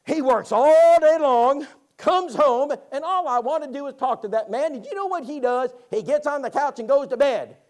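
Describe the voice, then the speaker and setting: A man voicing a pushy newlywed woman with a raspy, drawn-out high voice, in a classroom story. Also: huge pitch swings, full character voice. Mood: complaining.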